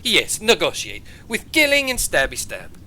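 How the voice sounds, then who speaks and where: A man voicing a defensive, boastful male healer merchant who speaks halting broken English and opens lines with "eh.". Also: a little high, wildly swooping pitch, bright, forceful tone, slight background noise, full character voice, rough recording. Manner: broken English with hesitant "eh" openings.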